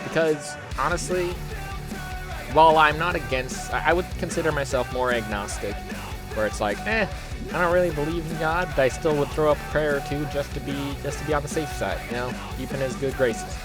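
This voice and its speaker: A man's voice: a little high, a little fast, music in the background. A young American man commenting casually as a YouTuber, rambling, profane and incredulous, with lots of fillers. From United States.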